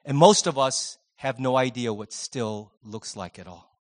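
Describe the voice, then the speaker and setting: A middle-aged man preaching a sermon as pastor, swinging between loud emphasis and soft, hushed passages. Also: mid-range voice, measured pace. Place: church sanctuary.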